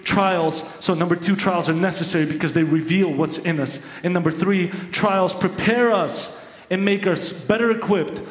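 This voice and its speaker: A man preaching a sermon as a pastor, with emphatic, repetitive phrasing. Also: fairly high pitch. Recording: echoey hall with long reverb.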